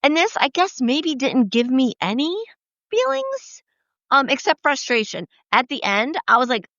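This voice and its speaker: A woman's voice: sits high, very animated, measured pace, sharp tone, dry recording, muffled recording. A woman co-hosting a casual book podcast, blunt and swearing, often restarting her sentences. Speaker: podcast co-host. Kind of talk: casual chat.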